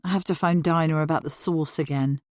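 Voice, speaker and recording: A woman reading a stressed, snappy woman in a story, with sharp, exasperated lines. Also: deep voice, steady tone, fairly quick, no room sound, studio quality, lightly acted.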